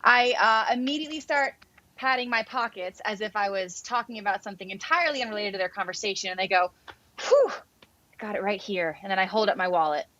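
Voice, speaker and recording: A woman's voice: mid-range voice, fast, pushed and bright, muffled recording. A woman playing in a tabletop game, casual and playful, often laughing. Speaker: player.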